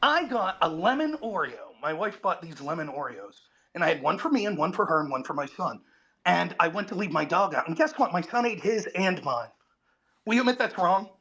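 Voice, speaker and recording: High-voiced sarcastic man in a debate. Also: sing-song, a little fast, pushed and bright, husky, poor audio. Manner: sarcastic, talks over the other speaker. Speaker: debate guest. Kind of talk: heated debate.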